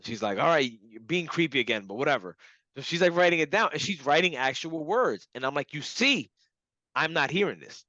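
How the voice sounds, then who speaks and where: Bright-voiced man telling a story. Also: fairly high pitch, a little fast, no echo, highs cut off. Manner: animated, laughing, acts out quoted voices. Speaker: hypnotherapy client. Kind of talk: casual storytelling testimonial.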